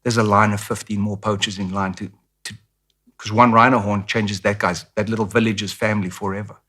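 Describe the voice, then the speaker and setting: As a guest in a casual interview, a middle-aged South African man candidly tells stories, performing the voices of the people in them. His voice is fairly low, level and fairly bright, delivered briskly.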